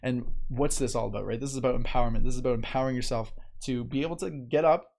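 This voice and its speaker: A man hosts a motivational live show, talking to viewers in a relaxed, chatty way. He reads their comments aloud and responds to them, often checking in with a quick "right?" and light laughter. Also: mid-range voice, vocal fry. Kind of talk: casual live-stream talk, reading viewer comments.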